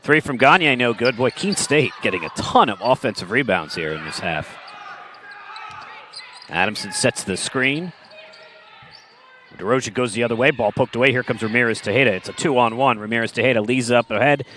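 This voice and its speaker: A man calling a live basketball game as play-by-play commentator, with brisk, excitable calls and wry asides. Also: medium pitch, a little hiss or hum.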